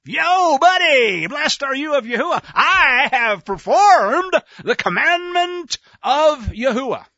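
A man's voice: fairly high pitch, huge pitch swings, takes it slowly, creaky, bright, forceful tone, husky, no room sound, highs cut off, heavily acted. A man doing a flustered, pleading biblical king. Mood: defensive. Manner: pleading, stammering excuses. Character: defensive eager male biblical king.

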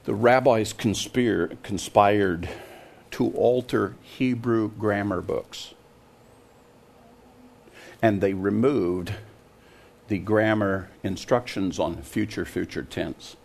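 A man's voice: fairly low pitch, slow, creaky, long pauses. An older man preaching a sermon, emphatic and scoffing, often putting questions to his listeners. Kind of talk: sermon to a congregation.

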